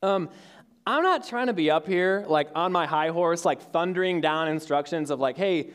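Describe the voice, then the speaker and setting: A man's voice: on the high side, normal speed, a bit bright, smooth. A young man in his twenties giving a casual sermon to young adults, telling a story with lots of fillers and restarts. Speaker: youth speaker. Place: church hall with audience.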